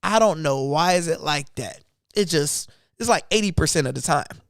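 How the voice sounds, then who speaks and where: A man's voice: fairly high pitch, expressive, normal speed, gravelly, no echo, clean studio sound. A man hosting an investing channel, chatting loosely about his trades in casual speech. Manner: loose and conversational, talking through trades. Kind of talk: casual livestream chat.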